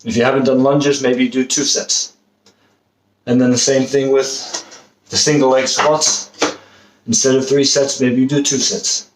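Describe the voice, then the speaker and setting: Picked up by a far-off camera mic in an echoey room with slight background noise, a man leads a football conditioning session, encouraging and showing the moves while occasionally winded. He speaks at normal speed with a medium pitch and level tone.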